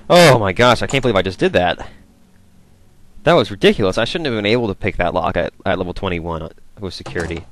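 A young man chatting casually as he plays a video game, rambling and easily excited. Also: low voice, fast. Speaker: gameplay commentator. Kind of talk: casual let's play commentary.

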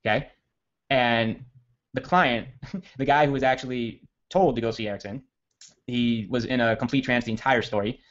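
A man giving a casual copywriting training, telling a long story in a rambling, self-correcting, energetic way. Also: mid-range voice, normal speed. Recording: dull lo-fi audio.

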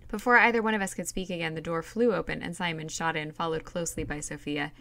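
Woman narrator for a read-aloud novel; steady plain delivery, low and gravelly. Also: fast talker. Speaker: reader.

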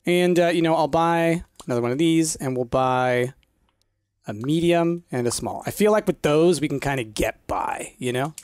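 A man's voice: a little high, normal speed, darkish tone, clear, resonant tone, no room sound, studio quality. A man hosting a casual gaming session, chatty and playful, laughing often. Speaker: gaming video host. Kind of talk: casual gameplay chat.

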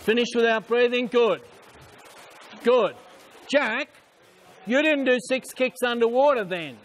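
A man coaching swimmers at a pool, calling out short repeated instructions and quick praise. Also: extremely high pitch, slight background noise. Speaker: swim coach. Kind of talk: poolside coaching commands.

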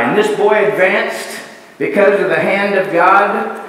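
A man's voice: high voice, a little slow, a bit bright. A man preaching a sermon in a church, pressing his point with repeated rhetorical questions and building lists. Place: church sanctuary. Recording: echoey church hall, distant mic.

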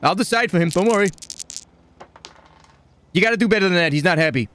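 A man's voice: high-pitched, animated, fast, fairly bright tone. A man playing a stoned, hyper male gambler and self-styled entrepreneur who rambles and repeats catchphrases in a game role-play. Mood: scheming. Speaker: role-player.

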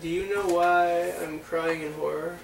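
A man's voice: a little high, steady tone, measured pace, vocal fry. A man in a middle range trades playful, rambling jokes with his mother at home. His voice carries from a distance in an echoey kitchen. A faint hum stays underneath it. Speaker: son in a family vlog. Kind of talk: casual family banter.

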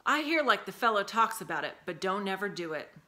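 A woman's voice: mid-range voice, very animated, brisk, sharp tone. A woman voicing a genial, burly male cook who speaks in an easygoing, folksy way in a storybook reading.

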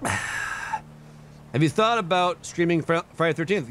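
A man's voice: a little high, expressive, moderate pace, fairly bright tone, a little hiss or hum. Laid-back young male streamer. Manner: laid-back, chuckling, reads and thanks chat. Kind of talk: casual live-stream chat.

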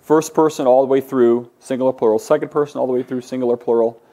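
A man's voice: mid-range voice, fairly even intonation, quick pace, dark tone. A man teaching a class, patiently explaining forms and drilling his students to say words aloud. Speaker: Greek teacher. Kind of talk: classroom lecture.

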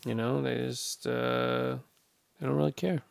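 A man's voice: mid-range voice, flat delivery, unhurried, gravelly, no echo. A man co-hosting a podcast in casual, teasing banter, often restarting his words. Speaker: podcast co-host.

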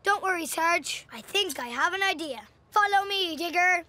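A woman's voice: expressive, moderate pace. A woman voicing a cheerful, curious four-year-old boy in a children's cartoon. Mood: cheerful, polite. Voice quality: high bright childlike voice.

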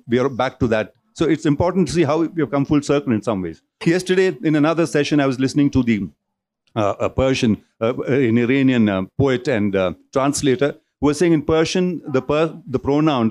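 A man's voice: medium pitch, lively intonation, a little fast, a little mellow. A man giving a public lecture in a hall, discursive, often restarting and repeating words as he goes. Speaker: speaker at a cultural centre talk.

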